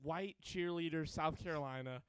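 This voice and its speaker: A man's voice: on the high side, normal speed, fairly bright tone, clean tone, no room sound. A young man hosting a podcast, telling rambling, profane stories in casual chat and laughing often. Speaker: podcast host.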